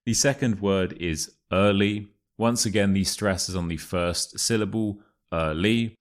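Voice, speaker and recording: A young man with a Modern RP English accent teaching pronunciation, reading passages slowly and clearly, then chatting casually between them. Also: lowish voice. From England. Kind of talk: pronunciation lesson with read-aloud passages.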